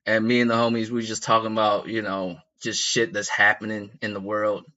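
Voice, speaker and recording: A man's voice: fairly low pitch, level tone, fairly quick, sharp tone, highs cut off. A man telling a rambling, profane story in a casual comedic way, often asking the listeners whether they follow. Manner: rambling, profane, laughs at his own story.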